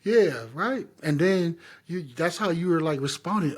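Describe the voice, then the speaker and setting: A man co-hosting a podcast in casual chat, telling stories in an animated, slangy, profane way. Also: a little high, unhurried. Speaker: podcast co-host.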